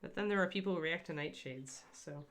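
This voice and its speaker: Woman host, low voice with vocal fry; rambling chatty painting demo, talks to chat. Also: a little fast, fairly bright tone. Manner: chatty and rambling, answers live chat by name. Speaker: miniature painter hosting a livestream. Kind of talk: casual painting demonstration.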